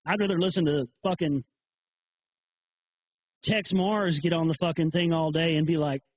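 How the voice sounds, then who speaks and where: A man's voice: fairly high pitch, fairly even intonation, normal speed, a little hiss or hum. A man hosting a profane livestream, rambling and swearing a lot, over dull lo-fi stream audio. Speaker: host.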